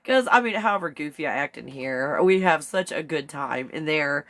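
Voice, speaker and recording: A woman talking casually on a live stream, her voice sitting a little low for a woman. She rambles from thought to thought, gets excited easily and breaks into giggles often. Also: normal speed. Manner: chatty and excitable. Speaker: live show host.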